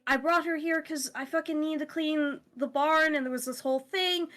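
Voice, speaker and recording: A woman's voice: sits high, steady tone, normal speed, a bit bright, pitched above the performer's own voice. A woman voicing a flustered farm woman who stammers while pleading over her lost chicken. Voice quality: rambling, stammering.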